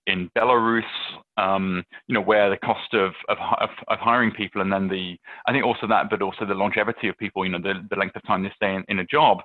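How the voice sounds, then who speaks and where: Low-voiced British man on a tinny line. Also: fairly even intonation, fast, no echo. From England. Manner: chatty, many fillers and restarts, storytelling. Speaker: venture capitalist guest. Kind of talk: casual interview answers. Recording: dry, tinny phone-like line.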